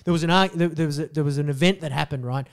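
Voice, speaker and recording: A man telling a story on a casual podcast. He swears freely and is animated, with loud bursts when he quotes people. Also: on the high side, racing, creaky, clear, resonant tone. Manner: animated, profane, jumps into loud voices when quoting people. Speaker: podcast co-host.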